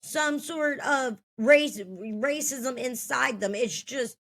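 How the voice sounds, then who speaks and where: A woman's voice: sits high, slow pace. A woman in her thirties telling a story from her own life in a blunt, heated, profane way. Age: 30s.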